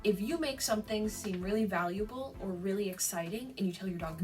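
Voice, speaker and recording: A woman's voice: mid-range voice, a little fast, darkish tone, distant mic, faint music behind, poor audio. A young adult woman giving dog training advice in a casual vlog, chatty, with frequent laughs and fillers.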